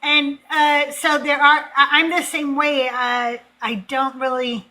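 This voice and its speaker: An older woman from Southern California hosting a casual chat, rambling and halting with fillers. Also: sits high, flat delivery, sharp tone. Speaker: call-in show host.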